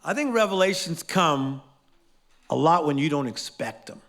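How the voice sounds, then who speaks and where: Man, fairly high voice, motivational teacher, live class, call-and-response, energetic, playful. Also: normal speed. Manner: energetic, playful, quizzes the audience. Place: class in front of a live audience.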